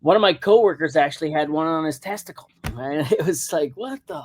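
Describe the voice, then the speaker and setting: A man's voice: a little high, a little fast, a little hiss or hum. A man as a podcast guest, chatting in a laid-back, profane, rambling way. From Canada. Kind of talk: casual podcast chat.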